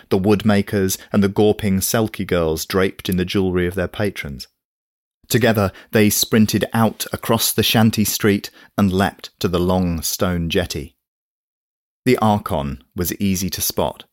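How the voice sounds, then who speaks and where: A man reading a novel aloud in steady, measured scripted narration. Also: low voice, no room sound, studio quality. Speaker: audiobook narrator.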